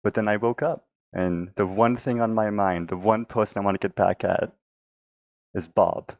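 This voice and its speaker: A man playing a tabletop game, slowly telling his character's backstory with some stumbles. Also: fairly low pitch, fairly even intonation, gravelly, a little mellow, no echo. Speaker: player.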